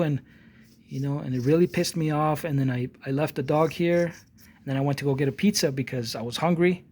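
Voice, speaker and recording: A man's voice: on the high side, a little fast. Restless-talking man in his forties. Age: 40s. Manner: rambling, with frequent restarts and repeated words; animated storytelling, acting out both sides of a quarrel. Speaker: artist vlogger. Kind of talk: casual monologue.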